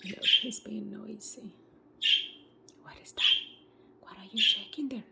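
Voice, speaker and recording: A woman at home filming her pet birds, coaxing them in high sing-song baby talk. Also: measured pace, gravelly, pauses often, background noise. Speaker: pet bird owner filming her budgies. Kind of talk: casual vlog talking to pet birds. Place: home, indoors by bird cages. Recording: loud bird chirping behind.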